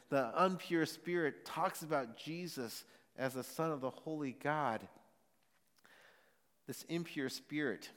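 A male pastor delivers a sermon at a mid pitch, earnest and a little halting as he restarts his phrases. His voice carries a long reverb from the church hall around him. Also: a bit bright. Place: church sanctuary.

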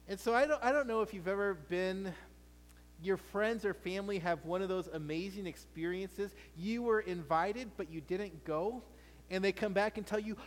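A man preaching a sermon as pastor, animated and playful, often restarting his words. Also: high voice, in a large hall.

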